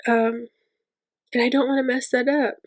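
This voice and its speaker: A woman hosting her own channel, speaking a tearful, rambling, heartfelt outro in a soft and encouraging way. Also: fairly high pitch, level tone, normal speed. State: tearful, weepy. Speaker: channel host reading a book aloud. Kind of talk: casual heartfelt vlog outro.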